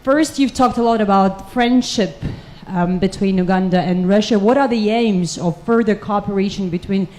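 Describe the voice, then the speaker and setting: A woman journalist asks a long question at a press conference, laying out each part clearly. Her voice is mellow. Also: mid-range voice, moderate pace, few pauses.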